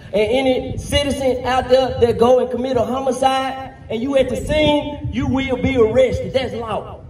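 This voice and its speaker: A man speaking fiercely and defiantly at a rally for his brother who died, rising at times to shouts, recorded from afar with echo and noise. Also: very high-pitched, fairly even intonation, moderate pace. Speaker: family member of the deceased, rally speaker. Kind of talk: impassioned rally speech. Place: public rally. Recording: echoey, distant, noisy outdoor rally recording.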